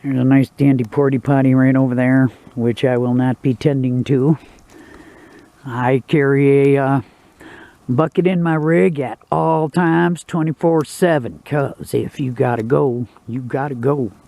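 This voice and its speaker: A man's voice: medium pitch, level tone, a little slow, creaky, warm tone. A man narrating his own outdoor cooking vlog beside a campfire in the woods, in a folksy, joking, laid-back way.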